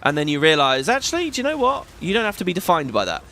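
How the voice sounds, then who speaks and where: A fast-talking British man in his thirties, fairly high-pitched with huge pitch swings and a pushed, bright tone, narrates his video game for YouTube. The commentary is casual and rambling, chatty, sweary and full of restarts.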